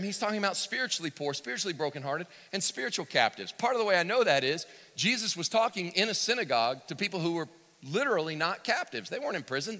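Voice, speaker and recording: A man preaching a sermon, swinging from loud to hushed and acting out the quotes he cites. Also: medium pitch. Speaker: pastor. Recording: long reverb of a church hall.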